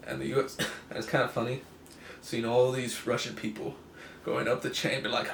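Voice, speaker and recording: A man's voice: mid-range voice, lively intonation, brisk, fairly bright tone. A man casually talking through a comic book story, rambling, laughing often and correcting himself. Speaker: comic book video host. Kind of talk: casual comic review chat. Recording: echoey room, faint hiss.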